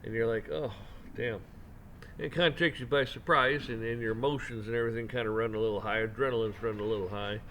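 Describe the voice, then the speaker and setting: A man's voice: medium pitch, steady tone, fast, few pauses, a bit bright, a little hiss or hum. Rambling man ranting his opinion. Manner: rambling, repeats and restarts words often. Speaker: commentary channel host. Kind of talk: casual opinion rant.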